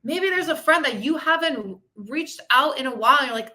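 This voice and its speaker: Her voice sits high and has a sharp tone, animated and at normal speed. As a fitness and mindset coach running a live podcast, she keeps things chatty and upbeat, addressing viewers and going through their comments.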